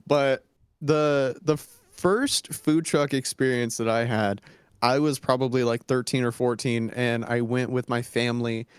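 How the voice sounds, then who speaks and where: A young man, a podcast co-host, telling a food story in relaxed, enthusiastic casual chat. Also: mid-range voice, slow, smooth, dry recording, clean studio sound. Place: small podcast studio.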